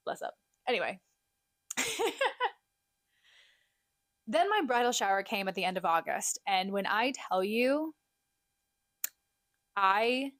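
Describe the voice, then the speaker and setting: A young woman hosting a podcast, telling stories in a chatty, self-deprecating way. Her voice is pitched at an ordinary height, and the recording is close and dry. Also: a bit bright, no room sound. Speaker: podcast co-host. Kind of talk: casual solo catch-up chat.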